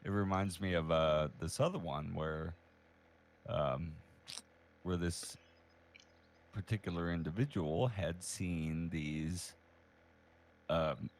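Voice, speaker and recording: A man's voice: sits low, slow, long pauses. A man chatting casually with a fellow gamer, telling crude jokes in a laid-back way with lots of uh and um. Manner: laid-back storyteller who hesitates with uh and um. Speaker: fellow player.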